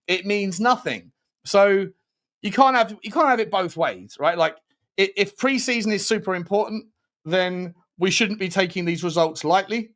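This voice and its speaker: Young guy chatting on a live stream, a bit high voiced, swears a lot, laughs a lot, reads chat out. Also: a bit bright. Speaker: host.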